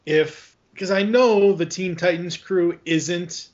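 A man's voice: high-pitched, takes it slowly, a little mellow, highs cut off. A man co-hosting a casual podcast, talking bluntly and swearing freely. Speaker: podcast co-host.

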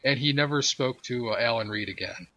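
A man's voice: mid-range voice, fairly quick, bright, forceful tone. A man co-hosting a podcast in casual chat, talking earnestly and fumbling for names with fillers. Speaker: podcast co-host. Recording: dull lo-fi mic with faint noise.

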